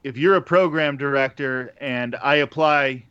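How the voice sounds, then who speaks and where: A man who works in radio, a guest in a casual interview, telling stories in a relaxed way and laughing between points. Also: medium pitch, measured pace, smooth, no echo, highs cut off.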